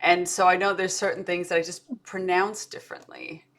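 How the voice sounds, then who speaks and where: Woman co-host with an American accent, slightly low voice, a rambling storyteller. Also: little pitch movement, normal speed, fairly bright tone. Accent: American with a slight Australian tinge. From United States. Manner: rambling, self-interrupting storyteller with fillers. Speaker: podcast co-host. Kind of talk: casual chat.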